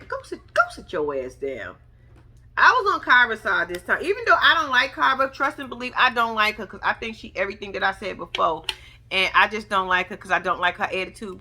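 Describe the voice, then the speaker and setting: A young woman giving casual reality TV recap commentary, sassy and mocking as she acts out the people she talks about. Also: fairly high pitch. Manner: sassy, animated, mocking imitations.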